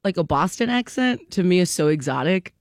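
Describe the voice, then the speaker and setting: A man's voice: sits high, brisk, no room sound. A man, a comedian guest, chatting casually in a radio interview, rambling with lots of "like"s and frequent laughter. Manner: rambling, animated, laughs often, many "like"s.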